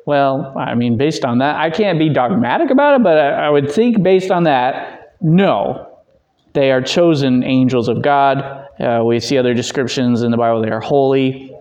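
A man teaching a church theology class, conversational and answering questions, acting out quotes in lively raised voices. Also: mid-range voice, moderate pace, dull audio. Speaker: Bible teacher.

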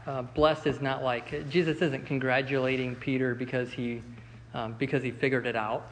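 A man leads a Bible lesson in an easy, chatty manner, stumbling into restarts and filler words. His voice sits at an ordinary pitch. It carries a long reverb from a large room, with faint ambient noise behind it. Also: normal speed. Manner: relaxed, conversational, with many fillers and restarts. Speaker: Bible study teacher.

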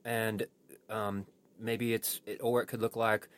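A man's voice: on the low side, level tone. A man who is a pastor, talking through a sermon on a podcast in a thoughtful way with frequent restarts. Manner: thoughtful, halting with many restarts. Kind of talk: post-sermon podcast discussion.

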